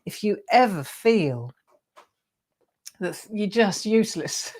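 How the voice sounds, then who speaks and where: A woman's voice: medium pitch, expressive, takes it slowly, long pauses, darkish tone, breathy edge. A middle-aged woman hosting a live craft show, chatty, encouraging and self-deprecating as she demonstrates.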